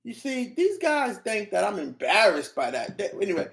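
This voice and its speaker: A man's voice: high-pitched, wildly swooping pitch, moderate pace, gravelly, a bit bright. A young man streaming, giving casual rambling commentary on clips in slang and often restarting his sentences.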